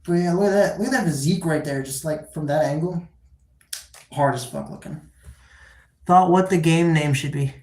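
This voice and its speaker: A woman's voice: low voice, normal speed, long pauses, warm tone. A woman livestreaming from her phone at home, chatting loosely and rambling, swearing casually as she goes. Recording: echoey room.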